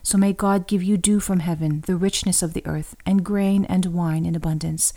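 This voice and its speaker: A solemn old blind patriarch speaks in measured phrases, voiced by a woman reading aloud. The voice sits low and mellow. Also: fairly even intonation.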